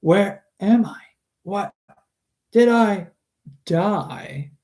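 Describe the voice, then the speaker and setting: A man's voice: high voice, animated, drawn-out words, warm tone, pitched above the performer's own voice, exaggerated voice. A man voicing a flustered, disbelieving young male gamer with rising, incredulous exclamations in a storybook reading. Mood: panicked.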